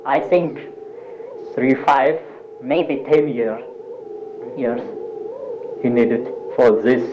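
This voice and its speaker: Older man, German-Russian accent, halting speech, searching for words, muffled lo-fi recording, faint hiss. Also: mid-range voice, dark tone. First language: Black Sea German dialect. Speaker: interviewee. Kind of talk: hesitant oral-history interview.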